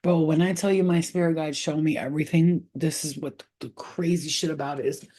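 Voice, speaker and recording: Blunt, profane woman with a mellow voice. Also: low voice, steady tone, fairly quick. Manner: blunt and profane, streetwise slang, chatty; breaks off to scold her cat. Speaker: spiritual healer and livestream host. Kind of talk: casual livestream chat.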